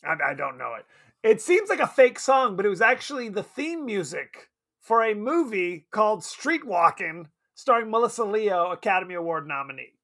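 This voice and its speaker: A man's voice: high voice, very animated, moderate pace, fairly bright tone. A man hosting a podcast, chatting casually with wry humor and laughing as he talks. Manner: wry, laughs while talking, asks for ratings. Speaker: podcast host. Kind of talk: casual chat.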